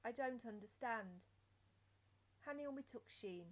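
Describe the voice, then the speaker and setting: Young woman learner, fairly high voice, unhurried careful drilling of phrases. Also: expressive. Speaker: language learner. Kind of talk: reading out phrases and their translations.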